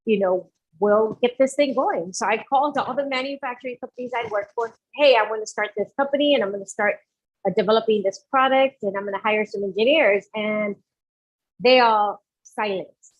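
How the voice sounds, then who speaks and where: A woman with a fairly high voice talks at a moderate pace as a guest entrepreneur on an interview podcast. Telling her story, she animatedly acts out the lines of the people involved, and the sound quality is dull and lo-fi.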